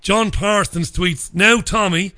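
A man's voice: sits high, slow pace, sharp tone. An Irish man hosting a talk radio show, chatty and jokey as he reads out listener tweets. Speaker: radio host.

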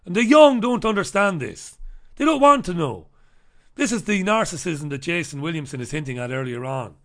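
Man, talk show host, sarcastic rant, gravelly, bright forceful tone. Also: a little high, lively intonation, moderate pace. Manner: sarcastic, combative, swears freely. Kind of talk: ranting monologue and newspaper review.

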